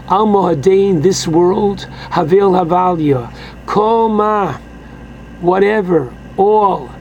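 Man, teaching a Torah class; high, unhurried, emphatic delivery, faint noise behind. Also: a little mellow, low-quality recording. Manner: slow and emphatic, with exclamations like "oh my goodness". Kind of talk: Torah lesson, translating Aramaic phrase by phrase.

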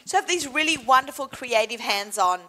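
A woman with a bright, ringing voice chats in a kitchen, her pitch leaping around as she gushes over each bite. She talks into a headset mic, with a faint hiss behind her. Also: animated, a little fast. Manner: enthusiastic, exclaims over food. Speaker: co-host of a cooking show. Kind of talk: casual kitchen chat.

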